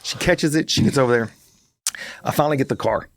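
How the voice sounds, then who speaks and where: A man's voice: mid-range voice, brisk, no echo. A man co-hosting a podcast, telling a long travel story with energy and acting out the lines of people he met. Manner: animated storyteller, acts out other people's lines. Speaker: podcast co-host. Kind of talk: storytelling in casual chat.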